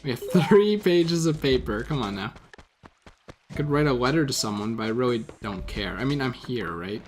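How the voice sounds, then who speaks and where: A let's play gamer gives casual gameplay commentary over video game music. His mid-range voice has lively intonation at a normal speed as he rambles, stumbles over words, and swears offhandedly.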